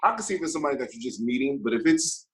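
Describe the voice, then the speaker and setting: A man's voice: medium pitch, lively intonation, rapid-fire, background noise. A man co-hosting a casual podcast chat, emphatic and profane, hammering his points with repetition. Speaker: podcast co-host.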